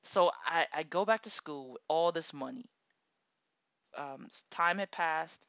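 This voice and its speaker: A woman in her thirties telling a personal story in a casual, animated way, laughing often and acting out the people she quotes. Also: low-pitched, a little slow, gravelly, dry recording. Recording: dull lo-fi dry recording.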